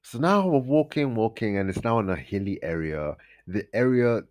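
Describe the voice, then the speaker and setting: A man's voice: fairly low pitch, expressive, moderate pace, a little mellow. A young man, casually telling a story on a podcast and acting out his friends' lines in raised voices. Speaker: podcast host.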